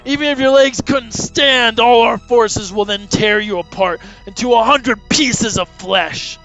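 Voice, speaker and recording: A man reading the lines of a huge, menacing male demon warrior, slow and stern, on dull lo-fi audio. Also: very high voice, fairly bright tone. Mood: stern, threatening. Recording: dull lo-fi audio, faint music.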